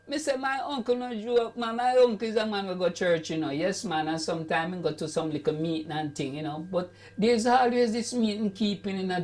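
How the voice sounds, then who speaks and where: A man with a Jamaican accent telling stand-up comic stories. He tells them animatedly and breaks into loud cries of "Ay, boy". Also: high-pitched. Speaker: comedian.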